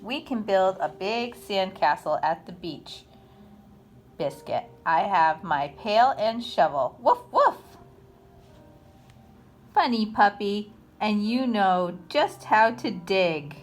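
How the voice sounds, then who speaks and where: A woman reading a children's picture book aloud in an expressive, sing-song storytime manner. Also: mid-range voice, takes it slowly.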